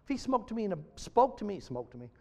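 A high-voiced man preaching a sermon in a hall with a long echo trailing after each phrase. He is high-strung and swings between loud, emphatic bursts and soft, almost whispered lines. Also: very animated, quick pace, vocal fry.

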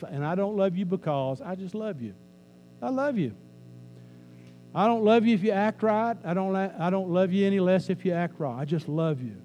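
Mellow-voiced man preaching a sermon. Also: high-pitched, poor audio. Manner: conversational preaching with jokes, repeats phrases for emphasis. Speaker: pastor. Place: church sanctuary. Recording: faint mains hum.

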